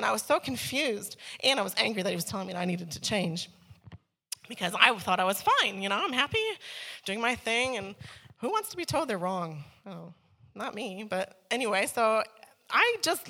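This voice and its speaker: A woman tells her life story to a congregation in a clear, bright voice. She speaks candidly and laughs often. When the story gets heated her voice shoots up high. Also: lively intonation, moderate pace. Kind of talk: personal testimony to a church audience.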